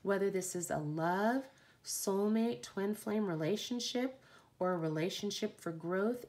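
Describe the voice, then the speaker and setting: A woman hosting a live oracle card reading, slow and effusive, greeting viewers by name and offering spiritual encouragement. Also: mid-range voice, a little mellow. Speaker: oracle card reader, livestream host.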